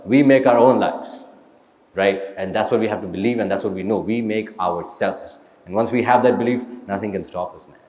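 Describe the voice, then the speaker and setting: A man's voice: on the low side, fairly quick, darkish tone, reverberant, in a large hall, rough recording. A man answering audience questions in a blunt, motivational way, tagging lines with "right?" and "man". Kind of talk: casual live Q&A talk. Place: event hall with live audience.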